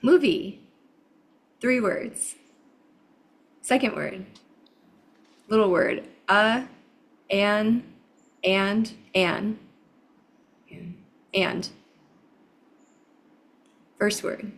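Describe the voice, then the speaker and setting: A woman calls out short, clipped guesses, drawn out at a very slow pace. Her voice is husky with a gravelly edge, coming through a video call. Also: mid-range voice. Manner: clipped one-word guesses. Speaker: comedian playing charades. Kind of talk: calling out guesses.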